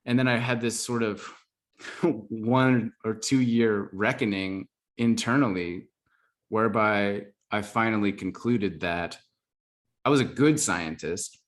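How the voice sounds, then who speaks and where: A man telling his life story as a podcast guest, earnest and reflective, with lots of "like". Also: fairly low pitch. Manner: earnest, reflective, full of fillers like "like". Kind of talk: casual storytelling interview.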